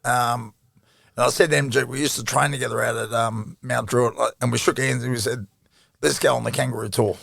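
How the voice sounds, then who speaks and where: A man's voice: medium pitch, fairly even intonation, a little fast, vocal fry, a bit bright, husky, dry recording, studio quality. A middle-aged Australian man telling stories in a casual interview, swearing freely and laughing as he goes. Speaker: guest, former rugby league player.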